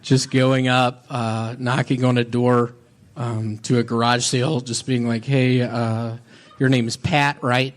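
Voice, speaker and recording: Male comic, awkward halting delivery, plain mid voice. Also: medium pitch, level tone. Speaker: comedian. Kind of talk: deadpan stand-up and banter.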